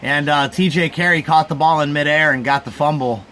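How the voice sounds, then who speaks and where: A man's voice: fairly high pitch, brisk, fairly bright tone, slight background noise. Sleepy, rambling man calling a game. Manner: laid-back, rambling, talks to his chat. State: sleepy, yawning. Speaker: live stream host. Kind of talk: casual sports reaction commentary.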